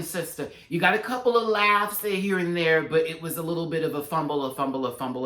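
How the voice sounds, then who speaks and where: Give me an animated, sassy man reviewing a show, with a bright edge. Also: on the high side, fast, few pauses. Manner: sassy, animated, slangy asides. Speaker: reality TV reviewer. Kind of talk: casual episode recap and commentary. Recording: roomy echo.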